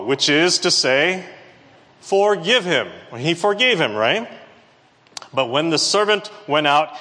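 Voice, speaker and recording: A man delivers a lively sermon from the pulpit, often turning to question the congregation. His voice sits a little high, and it rings out with the long reverb of a church hall. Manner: animated, asks the congregation questions. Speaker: preacher.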